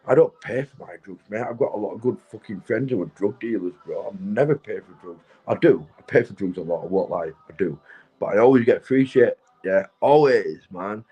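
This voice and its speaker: A middle-aged man, drunk and high, rambling and swearing to his livestream viewers from his sofa at home. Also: animated, brisk, husky, muffled recording. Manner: rambling, swearing, keeps asking "do you know what I mean". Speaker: livestream host. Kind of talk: rambling casual livestream chat.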